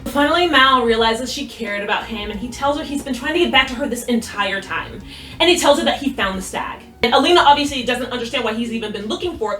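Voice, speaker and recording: Woman, high bright voice, excitable fan recap, roomy distant sound with faint music behind. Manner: excitable, animated, swearing freely. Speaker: recap youtuber. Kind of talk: casual recap chat.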